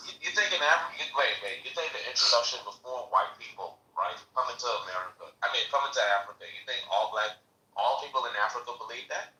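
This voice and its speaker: A man's voice: mid-range voice, lively intonation, quick pace, pushed and bright, poor audio. A man in casual podcast chat, rambling and hesitant with lots of fillers.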